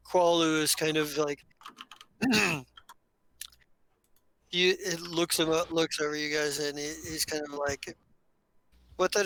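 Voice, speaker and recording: A man narrating as game master in a tabletop game, talking haltingly with many restarts. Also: fairly high pitch, fairly bright tone, smooth, no room sound, low-quality recording.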